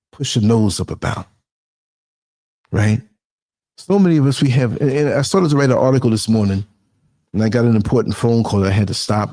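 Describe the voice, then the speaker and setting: A man's voice: medium pitch, dark tone. A middle-aged man from New York with a New York accent, hosting a talk show in a reflective, rambling conversational way. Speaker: host. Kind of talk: casual talk show monologue.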